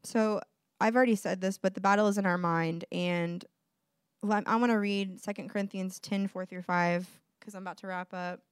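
A young woman preacher gives a casual, conversational sermon, laughing often and using lots of filler words. Her medium-pitched voice is steady, clear, and resonant at a moderate pace, captured in a dry, clean studio recording.

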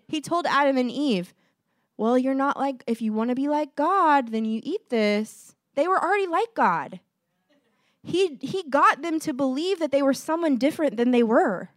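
A woman's voice: high voice, lively intonation, unhurried, dry recording. Earnest woman preaching, dry close sound. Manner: conversational, earnest, quotes voices in dialogue. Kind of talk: informal sermon.

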